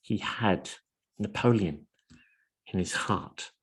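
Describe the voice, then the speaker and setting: A man preaching a sermon in an earnest, measured way, asking his listeners question after question. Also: sits low, slightly rough.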